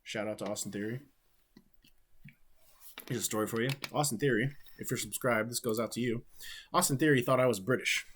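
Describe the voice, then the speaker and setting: A man's voice: mid-range voice, fairly quick, long pauses, fairly bright tone, slight background noise. A man from Ohio, speaking, chatting casually and rambling on a livestream while answering viewer questions. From Ohio, USA. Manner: laid-back, rambling, swears freely. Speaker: wrestler streaming and watching his matches.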